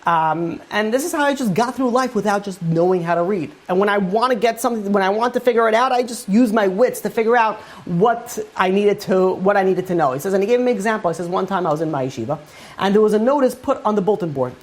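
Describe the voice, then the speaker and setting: A man's voice: high-pitched, quick pace. A male rabbi delivering a Torah class in a storytelling manner. He recounts a long tale and quotes its characters as he goes, with loose, conversational phrasing and many "he goes and he says" turns. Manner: retells a story at length with many quoted lines. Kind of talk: storytelling lecture.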